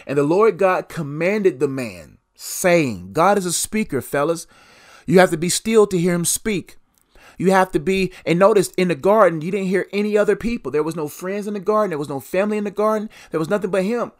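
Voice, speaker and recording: A man's voice: sits high, a little fast. A young adult man hosting a solo devotional podcast, preaching with repeated phrases and strong emphasis.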